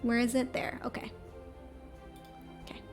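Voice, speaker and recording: Woman streamer, casual gaming chat, high voice, talks to herself, faint music behind. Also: completely flat delivery, a little slow. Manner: chatty and self-talking, mutters instructions to herself.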